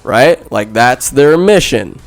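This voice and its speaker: A man hosting a podcast, recapping a film in a rambling, casual way with crude asides and quick quoted voices. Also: medium pitch, lively intonation, over music. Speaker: podcast host. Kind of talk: comedic movie recap.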